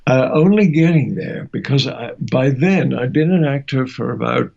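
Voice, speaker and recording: An older man, a voice actor, recalls his career in a gentle, halting interview manner with frequent restarts. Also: mid-range voice, lively intonation, vocal fry, muffled recording. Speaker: guest, voice actor. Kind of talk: interview reminiscence.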